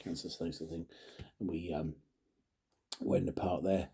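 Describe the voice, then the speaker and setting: A man's voice: sits low, fairly even intonation, normal speed, gravelly, dark tone, breathy edge. A middle-aged man, chatting to camera in a rambling, jokey way while trying drinks, often muttering and trailing off. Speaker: vlogger reviewing drinks; father. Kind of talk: casual chat to camera.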